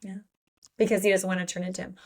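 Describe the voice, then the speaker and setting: A woman's voice: medium pitch, flat delivery, quick pace. A woman co-hosting a podcast, chatting casually about a fantasy novel with blunt, playfully crude jokes. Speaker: podcast co-host. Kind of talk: casual book discussion.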